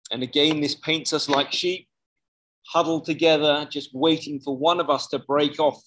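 A man's voice: on the high side, steady tone, moderate pace, a bit bright, low-quality recording. Man preaching in a conversational way. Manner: conversational, with frequent self-corrections. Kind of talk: sermon.

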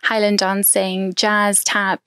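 A woman's voice: mid-range voice, monotone, slow pace, a bit bright, clear, resonant tone, no room sound, clean studio sound. Chatty woman from South Africa. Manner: chatty and open, laughs lightly between thoughts. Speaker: podcast guest. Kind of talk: casual interview chat.

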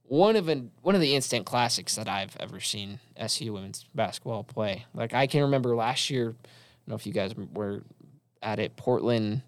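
A man's voice: lowish voice, lively intonation, normal speed, no room sound. A young man co-hosting a college sports talk show, recapping games in a loose, casual way with lots of fillers. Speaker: college sports podcast co-host.

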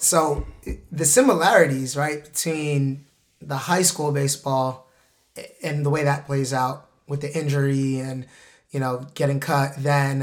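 A male host asking probing, reflective questions in a casual interview. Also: mid-range voice.

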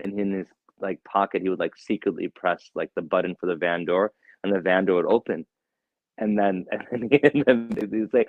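A man teaching a religious lecture in a mosque, telling a story with animated quoted voices. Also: low-pitched, moderate pace, no echo. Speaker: shaykh teaching a lecture series. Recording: dull, dry lo-fi sound.

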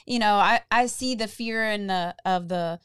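A woman co-hosting a casual faith-based podcast, telling stories in an earnest, encouraging, animated way. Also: medium pitch, moderate pace, clear, resonant tone, no room sound, studio quality. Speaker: podcast co-host.

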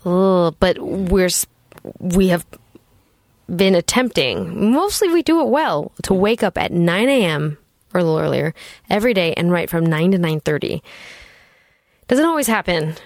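A woman's voice: fairly low pitch, sing-song, moderate pace, no echo, clean studio sound. A woman hosting a podcast, chatting casually with a playful, self-mocking manner. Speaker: podcast host. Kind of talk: casual chat.

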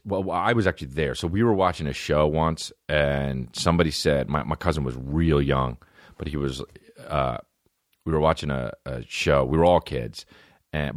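A man's voice: rumbling low, dry recording, clean studio sound. A man hosting a podcast alone, telling rambling, profane comic stories. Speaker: podcast host. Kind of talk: comedic storytelling.

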